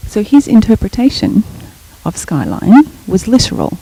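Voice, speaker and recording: A middle-aged woman gives a guest lecture in an explanatory, storytelling way. Her voice is mellow and a little gravelly, with a husky edge. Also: mid-range voice, huge pitch swings, normal speed, rough recording. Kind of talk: academic lecture.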